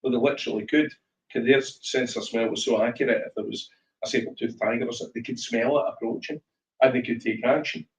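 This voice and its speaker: A Scottish man telling lively whisky stories as a guest speaker at a tasting, acting out voices as he goes. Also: mid-range voice, fast talker, reverberant, distant mic, poor audio. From Scotland. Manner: animated storyteller, acts out voices in anecdotes. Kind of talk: live storytelling chat at a tasting. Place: shop tasting room.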